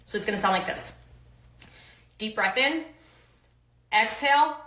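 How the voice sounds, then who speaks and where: A woman's voice: medium pitch, lively intonation, normal speed, sharp tone, reverberant, slight background noise, low-quality recording. A woman strength coach giving upbeat, casual instructions with slang and countdowns for kettlebell lifts.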